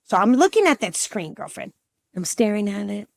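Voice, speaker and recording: Animated woman in her fifties telling stories. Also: medium pitch, moderate pace, vocal fry, no room sound. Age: 50s. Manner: lively storyteller who acts out scenes and calls the listener "girlfriend". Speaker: relationship coach, podcast guest. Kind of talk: casual interview storytelling.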